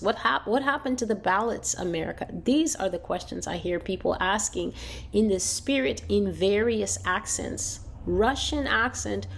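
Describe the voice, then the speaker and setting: Woman, lowish voice, delivering a declamatory prophetic warning, heavy on repetition. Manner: declamatory, repeating phrases with long drawn-out pauses. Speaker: self-styled prophet. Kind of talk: prophetic sermon.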